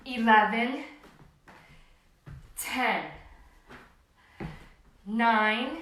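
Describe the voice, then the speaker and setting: An upbeat fitness instructor in her forties counts reps and talks viewers through each move at an unhurried pace. Her voice is bright and fairly high, picked up from across a very echoey room with a faint hiss underneath. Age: 40s. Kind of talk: home workout class instruction. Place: home room. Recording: echoey room, mic at a distance.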